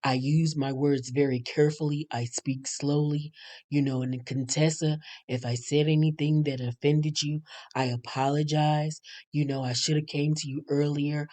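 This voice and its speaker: A woman putting on the voice of a soft-spoken, aggrieved man who talks slowly in a low murmur. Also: steady tone, close to an everyday voice. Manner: slow, wounded, self-pitying.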